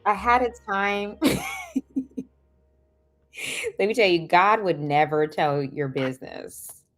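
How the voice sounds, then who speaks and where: Woman, casual livestream talk, laughs a lot, squeaky voice for quotes, faint music behind. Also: measured pace. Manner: animated, laughs often, jumps to a squeaky high voice when acting out people. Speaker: host of a self-help livestream. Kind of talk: casual live-stream chat, advice and storytelling. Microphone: video call or stream mic.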